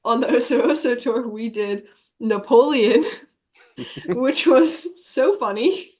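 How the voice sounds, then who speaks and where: A woman's voice: on the high side, takes it slowly, a little mellow. Blunt, laughing woman musician guest. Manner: blunt, swears freely, laughs through stories. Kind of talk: casual chat.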